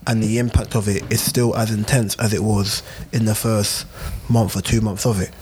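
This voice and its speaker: A man's voice: on the low side, little pitch movement, normal speed, a little mellow, slight background noise. A man in casual chat, reflecting and arguing his points with many fillers.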